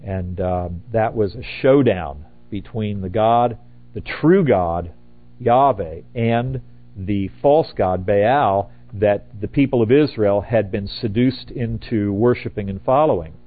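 A man's voice: on the low side, slow. Older man preaching over tinny audio. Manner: relaxed, rambling, with self-corrections and asides. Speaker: pastor. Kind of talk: sermon.

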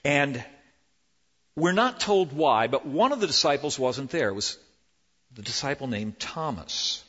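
A man preaching a sermon as pastor, animated, swinging between loud emphasis and hushed, slow lines. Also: mid-range voice, slightly rough. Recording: dull lo-fi with long hall reverb.

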